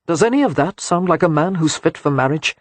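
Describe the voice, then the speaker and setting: A man playing a brooding, war-scarred young gentleman who speaks in a quiet, measured, grave way, with a husky tone. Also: on the high side, expressive, dry recording.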